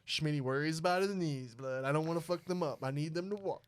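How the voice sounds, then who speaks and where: A man's voice: on the high side, fast, smooth. A young man hosting a podcast, telling a story in a casual, profane way and acting out the people in it. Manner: profane, animated storyteller who acts out quotes. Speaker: podcast host.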